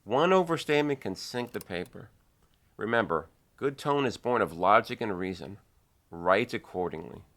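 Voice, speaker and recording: A middle-aged man giving a measured, earnest video lesson on writing. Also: on the low side, animated, fairly bright tone. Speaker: writing teacher.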